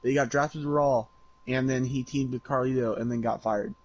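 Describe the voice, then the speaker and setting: A man's voice: medium pitch, fairly even intonation, fairly quick, muffled recording. A man co-hosting a podcast, casually explaining wrestling backstory with frequent laughs and swearing. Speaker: podcast co-host. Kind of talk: casual wrestling recap chat.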